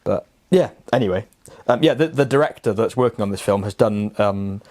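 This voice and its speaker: A young man co-hosting a podcast in casual chat, getting excited and jumping up in pitch as he talks. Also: fairly quick. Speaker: podcast co-host.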